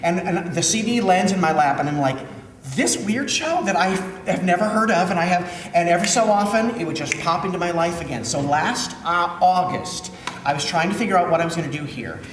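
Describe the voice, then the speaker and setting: Chatty director in an echoey hall. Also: male voice, a little high, fairly quick, slight background noise. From Minnesota. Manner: chatty storytelling, animated when quoting. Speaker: theater director. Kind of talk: post-show Q&A talk. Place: theater auditorium. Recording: echoey hall, mic at a distance.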